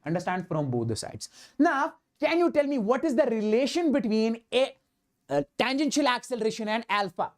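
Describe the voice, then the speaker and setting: A man's voice: very high voice, very animated, normal speed. Emphatic Indian-accented male physics teacher. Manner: emphatic, keeps asking "understand?" and repeating himself; mixes Hindi words into English. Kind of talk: live online lecture.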